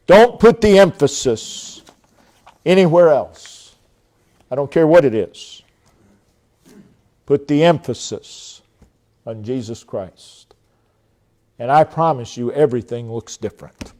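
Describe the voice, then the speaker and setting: A man preaching a sermon, stressing key phrases over and over and letting his voice fall away softly at the end of each thought. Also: mid-range voice. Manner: emphatic, repeats key phrases, trails off softly at line ends.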